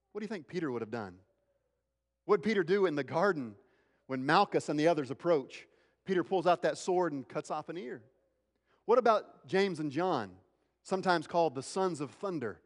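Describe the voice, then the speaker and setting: A male pastor preaching a sermon, swinging between emphatic, raised lines and hushed, slow ones. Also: a little high, long reverb tail.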